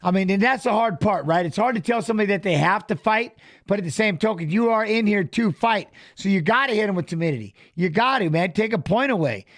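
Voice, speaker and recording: This high-voiced man talks fast as he commentates a fight live and casually for a watch-along, with studio-quality sound and no room noise. Animated, he shouts coaching at the fighters and keeps repeating phrases.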